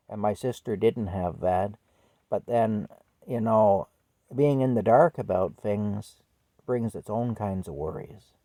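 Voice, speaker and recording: A man telling a personal story from his childhood in a conversational, reflective way, with soft laughs here and there. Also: lowish voice, no echo.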